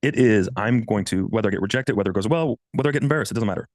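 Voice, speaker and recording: A man in his thirties races through a casual coaching monologue of blunt, profane dating advice, animated and swinging his pitch for quoted voices. There's no room sound.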